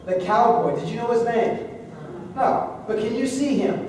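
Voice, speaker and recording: Lively male speaking coach with a high voice, working a live room, heard from a distance in an echoey hall. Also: moderate pace, background noise. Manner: lively, conversational, joking with the audience. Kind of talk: live seminar teaching to a room. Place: large hall with a live audience.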